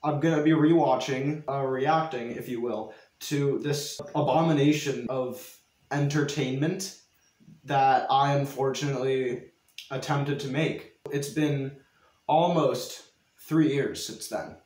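A man's voice: medium pitch, steady tone, takes it slowly, darkish tone, roomy sound. A young man giving reaction commentary on his own old video, mocking himself and laughing at it. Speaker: YouTuber.

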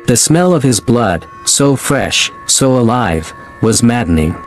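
Man narrating a dark horror tale. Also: medium pitch, sing-song. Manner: measured, dramatic storytelling. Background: faint music.

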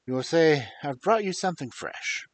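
A man reading aloud and voicing a bold, genial older gentleman with a mellow voice and a half-American, half-English accent, speaking loudly and confidently. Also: a little high, animated, moderate pace, no room sound, voice pushed up, natural voice. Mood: hearty. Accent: mixed American and English. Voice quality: mellow, pleasing. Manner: loud, hearty, confident.

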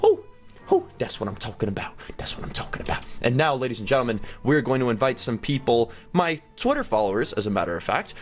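A young man narrates his gameplay with a lively, swooping voice that leaps into high excited shouts. He is sick with a headache but keeps up the energy. Faint game music plays behind him. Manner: animated, jumps into sudden high excited shouts. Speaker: gaming YouTuber.

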